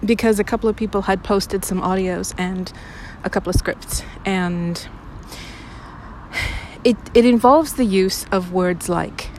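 A woman's voice: medium pitch, measured pace. Young woman rambling chattily to her listeners, lots of ums, faint traffic behind. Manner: chatty, rambling, self-deprecating, with frequent fillers. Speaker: audio creator talking to her listeners. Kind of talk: casual chat to listeners. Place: recorded outside.

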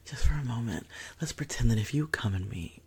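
A woman's voice: extremely low pitch, expressive, brisk, darkish tone, husky, heavily acted. A woman voicing a confident, possessive young woman in a whispered role-play, teasing and commanding, often dropping into whispers.

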